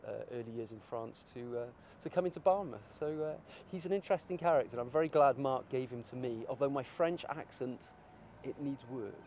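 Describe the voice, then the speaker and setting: A man's voice: medium pitch, darkish tone, slight background noise. A man artist talking in a casual interview, rambling and searching for his words.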